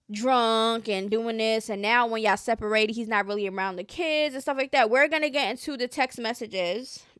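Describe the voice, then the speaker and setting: A woman's voice: a little high, pushed and bright, dry recording, clean studio sound. A woman hosting casual gossip commentary, chatty and slangy, often trailing off with hesitant asides.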